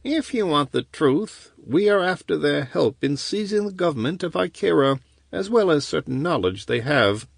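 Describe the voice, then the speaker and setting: A man's voice: a little high, animated, normal speed, gravelly, no echo, voice pushed up. A man reading an audiobook, voicing a cold, scheming male wizard who speaks dryly and bleakly in a raised voice. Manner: dry and clipped.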